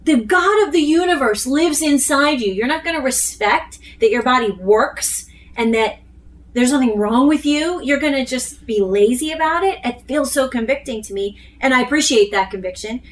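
A woman's voice: high-pitched, normal speed. Earnest woman leading a Bible study. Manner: earnest, animated, quotes scripture. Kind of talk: casual group Bible study talk. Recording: distant mic with faint room noise.

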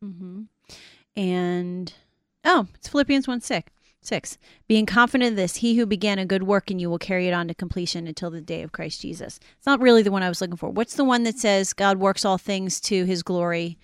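A woman's voice: medium pitch, fairly quick, clean tone, no echo. Woman, middle-aged, faith talk host, encouraging, scripture quoting, dry sound. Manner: warm encouraging, quotes scripture.

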